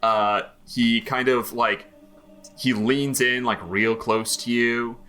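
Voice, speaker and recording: A man's voice: medium pitch, fairly even intonation, slow pace, bright, forceful tone, clear, resonant tone. A man running a tabletop game as game master, narrating loosely with lots of fillers and restarts.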